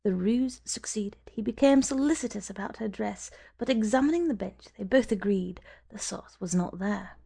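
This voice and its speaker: In this audiobook narration, a woman tells the story softly and at a measured pace, her words at times close to a whisper. She has a dark, mellow, middle-pitched voice with gravelly fry.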